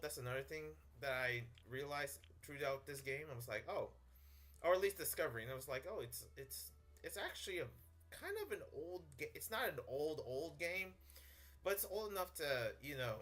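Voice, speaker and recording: Bright, chatty gaming host, man. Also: mid-range voice. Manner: jokey, rambling, chuckles between phrases. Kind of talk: casual gameplay commentary.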